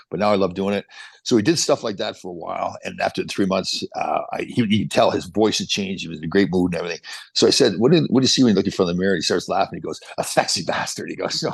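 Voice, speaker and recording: A man in his sixties, a podcast guest and motivational speaker, telling stories in an energetic, motivational way. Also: low voice, gravelly, slightly rough, no echo. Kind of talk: casual chat, storytelling.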